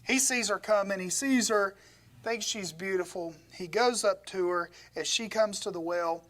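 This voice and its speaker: A man's voice: sits high, normal speed, fairly bright tone. A man preaching a conversational sermon, retelling a story with animation and folksy humorous asides. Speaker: pastor.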